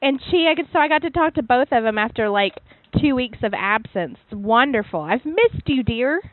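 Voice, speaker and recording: A bubbly, giggly woman co-hosting a casual podcast, her voice sitting a little high. She sounds dry and close, squeezed into a narrow phone-like band. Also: expressive, moderate pace, dry recording. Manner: bubbly, giggly, chatty with filler words. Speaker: podcast co-host.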